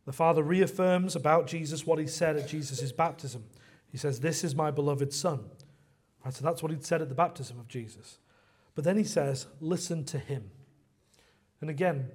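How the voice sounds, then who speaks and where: A man's voice: a little high, normal speed, darkish tone, slightly rough. A man preaching a sermon in a conversational way, often repeating phrases for emphasis.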